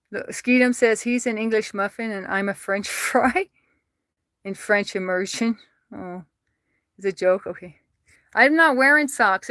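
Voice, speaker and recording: A woman's voice: fairly high pitch, pushed and bright, no echo. An American woman livestreaming from home, chatting casually, reading viewer comments aloud and laughing often as she talks to her cats. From United States.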